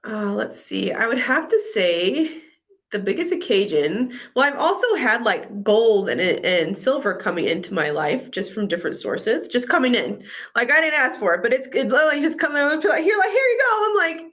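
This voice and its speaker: A woman talking casually about spiritual topics in a relaxed, affirming way, over a video call. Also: a little high, moderate pace. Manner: relaxed, affirming, quotes herself. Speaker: co-host.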